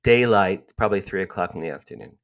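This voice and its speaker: A man in his sixties with a fairly low voice tells his story with animation. He acts out the dialogue and repeats himself for emphasis, a guest on an interview podcast. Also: expressive, quick pace. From New Jersey, USA. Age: 60s.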